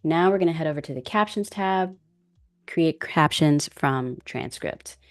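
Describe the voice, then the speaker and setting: A woman with African American English chatting casually as a guest creator, relaxed and self-deprecating, laughing often as she explains. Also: low voice, unhurried. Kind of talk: casual tutorial chat.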